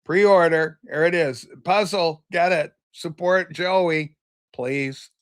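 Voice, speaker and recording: Chatty man hosting a livestream, higher voice. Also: slow pace, a bit bright. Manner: rambling, reads chat comments aloud and greets viewers; loose and chatty, with many fillers and restarts. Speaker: livestream host. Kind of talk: casual livestream chat.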